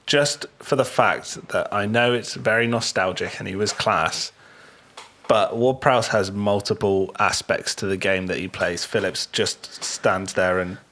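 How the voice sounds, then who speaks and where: A man's voice: lowish voice, fairly even intonation, a little slow, a bit bright. An English man co-hosting a football podcast, arguing his picks bluntly in casual chat. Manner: argumentative, blunt. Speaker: podcast co-host.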